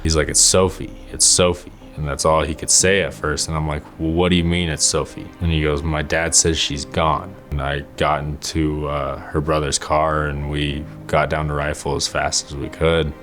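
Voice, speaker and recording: A young man recounting a painful memory in a documentary interview, halting and stumbling over his words. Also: a bass voice, little pitch movement, a bit bright. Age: young adult. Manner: halting, with restarts and fillers. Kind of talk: emotional personal recollection. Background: faint music.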